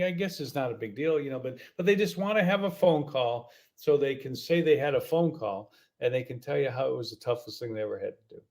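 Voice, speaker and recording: A man's voice: medium pitch, darkish tone. A man hosting a podcast in a casual, exasperated rant, repeating himself with many restarts. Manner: halting, many fillers and restarts. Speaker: podcast host.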